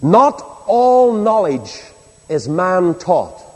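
A man preaching a sermon to a large congregation, swinging between loud exhortation and hushed appeal. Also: high-pitched, big pitch swings, extremely slow. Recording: long hall reverb.

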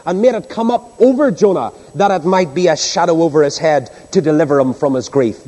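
Animated male preacher in an echoing hall. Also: high voice. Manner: animated, rhetorical questions to the congregation. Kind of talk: sermon. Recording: long hall reverb.

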